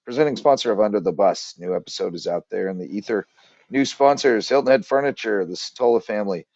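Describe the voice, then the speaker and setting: A man's voice: lowish voice, a little mellow, no room sound, highs cut off. A man hosting a casual sports podcast, telling stories and reading sponsor plugs in a chatty, joking way. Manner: chatty storyteller, jokey, reels off sponsor plugs. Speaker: podcast host.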